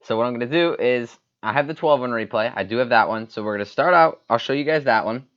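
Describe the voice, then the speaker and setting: A man's voice: mid-range voice, fast, clear, resonant tone, highs cut off. A man giving casual, rambling commentary over a mobile game replay, full of fillers and restarts. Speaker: gaming YouTuber.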